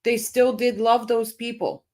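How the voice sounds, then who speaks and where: Slow-talking woman hosting a livestream. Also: fairly high pitch, little pitch movement, darkish tone. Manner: emphatic and impassioned, repeats phrases, apologizes for getting heated; reads out and answers viewer comments by name. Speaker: livestream host reading viewer comments. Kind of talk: casual live-stream commentary.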